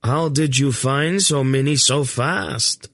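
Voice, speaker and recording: A man's voice: mid-range voice, slow, fairly bright tone, dry recording, clean studio sound, pitched above the performer's own voice. A man voicing an earnest young hero in a fantasy audiobook, talking urgently in the heat of battle. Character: young male hero fighting a desperate battle.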